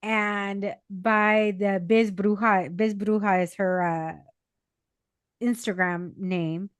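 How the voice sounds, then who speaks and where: A middle-aged woman co-hosting a podcast, chatting casually and telling stories in an animated way, acting out the people she quotes. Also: mid-range voice, slow, clear, resonant tone, dry recording, studio quality. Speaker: podcast co-host. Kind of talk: casual chat, storytelling. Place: parents' house.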